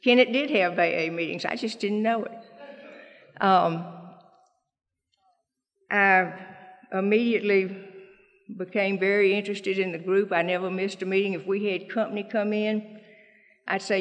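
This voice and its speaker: A woman with a Southern drawl tells her own story before a meeting in a relaxed, folksy way. She slips into the voices of the people she quotes. Her words ring back from a large hall with a long echo. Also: mid-range voice, a little slow, long pauses. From Mississippi, US. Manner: folksy storytelling, acting out others' lines. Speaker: speaker sharing her recovery story. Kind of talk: personal testimony at a meeting.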